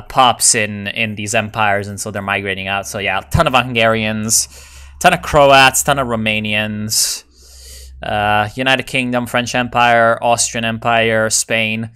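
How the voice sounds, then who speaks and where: A man streaming a strategy game and reading chat. He is excitable and profane, and he swings from mumbled asides to loud outbursts. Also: fairly low pitch, smooth. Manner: excitable, profane, jumps between mumbling and shouting. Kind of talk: live gameplay commentary, reading chat.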